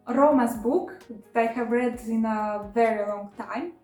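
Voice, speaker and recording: Woman, fairly high voice, casual book haul chat, emotional, laughs often, echoey room. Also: fairly even intonation, moderate pace, hardly any pauses, dark tone, soft background music. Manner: chatty and emotional, frequent laughs and fillers. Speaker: book vlogger.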